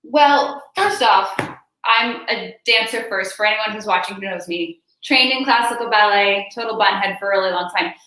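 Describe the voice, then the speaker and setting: A young woman, a singer and dancer, chatting casually about her practice in quick bursts with "like" fillers, from home. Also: mid-range voice, pushed and bright, reverberant, rough recording. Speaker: singer and dancer, concert performer. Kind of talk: casual interview chat. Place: at home during quarantine.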